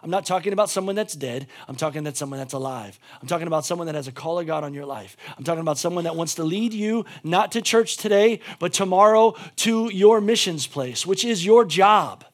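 A man preaches a sermon in a fairly high voice. He swings from near-shouted fervor to soft, intimate appeals. He drives his points home by repeating the same phrases. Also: animated, a little fast, hardly any pauses. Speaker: pastor.

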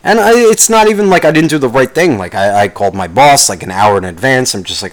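A young man ranting casually about traffic and work, swearing constantly and rambling, now and then mocking others in a higher voice. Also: animated, quick pace, hardly any pauses. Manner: profane, rambling, jumps into mocking high-pitched impressions. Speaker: vlogger. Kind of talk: casual rant to camera.

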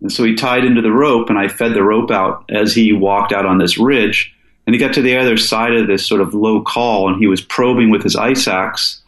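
Low-voiced man telling an adventure story. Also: fairly even intonation, moderate pace, a bit bright, reverberant, poor audio. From Alaska. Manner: earnest, lots of restarts. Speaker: guest. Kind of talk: casual storytelling interview.

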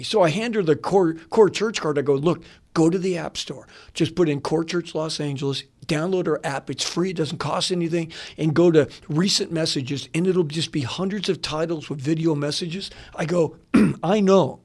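A man, a pastor and radio guest, telling a story in a rambling, animated way with lots of fillers and quick laughs, in a radio studio. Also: fairly high pitch. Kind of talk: casual storytelling.

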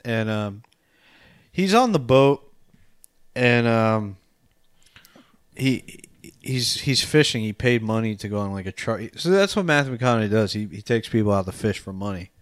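A man's voice: lowish voice, lively intonation, unhurried, clean tone, no echo, studio quality. A man co-hosting a podcast, casually recapping a film, laughing often and swearing as he acts out scenes. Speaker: podcast co-host. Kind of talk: casual movie-review chat.

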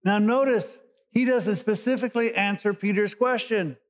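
A man's voice: high voice, normal speed. A male pastor giving a conversational sermon, explaining scripture in everyday words. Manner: conversational Bible teaching, paraphrasing scripture. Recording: dull lo-fi recording.

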